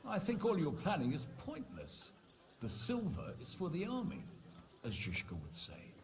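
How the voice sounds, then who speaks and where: An actor playing a composed, worldly male knight in a game, speaking calmly and with a dry edge. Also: fairly high pitch, moderate pace, a crowd in the background.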